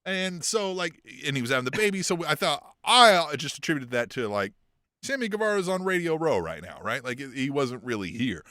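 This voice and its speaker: A man co-hosting a casual wrestling podcast, talking in a profane, animated way and laughing often as he goes. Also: a little high, fairly quick, dry recording, clean studio sound. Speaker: podcast co-host.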